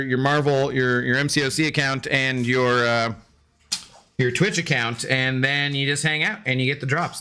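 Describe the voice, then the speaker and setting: A man's voice: mid-range voice, noisy background. A man streaming a game in casual, rambling chat, joking with his dog and greeting viewers.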